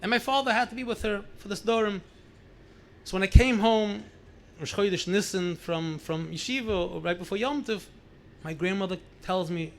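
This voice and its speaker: A man's voice: sits high, moderate pace, a little hiss or hum. A man in his sixties with a New York accent, a rabbi telling stories at a gathering, acting out the dialogue and mixing in Yiddish phrases. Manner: animated, acts out dialogue, mixes in Yiddish phrases. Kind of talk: storytelling talk at a gathering.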